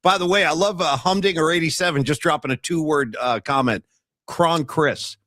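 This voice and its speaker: A man co-hosting a sports talk stream, rambling and animated as he riffs on viewer comments. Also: on the high side, moderate pace, dry recording, studio quality. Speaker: podcast co-host. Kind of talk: casual sports chat.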